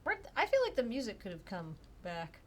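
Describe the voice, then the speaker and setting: A woman's voice: mid-range voice, huge pitch swings, a little fast, a little mellow, slight background noise. A woman narrating and playing a tabletop role-play, chatty and self-deprecating. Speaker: player and narrator.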